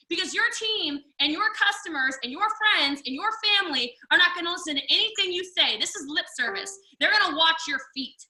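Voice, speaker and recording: A woman's voice: very high voice, expressive, bright, forceful tone, echoey room, distant mic. A woman giving an emphatic, preachy motivational pep talk as guest speaker on a team coaching call, acting out people's excuses. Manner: fast, emphatic, preachy, acts out quoted excuses. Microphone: video call.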